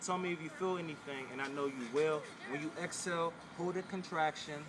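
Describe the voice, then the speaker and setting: A man's voice: on the high side, fairly even intonation, fairly quick, crowd noise. A man teaching a breathing and pelvic floor exercise in a casual video, repeating his instructions and speaking straight to the viewer. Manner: repetitive, coaching, direct to viewer. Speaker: spiritual wellness teacher.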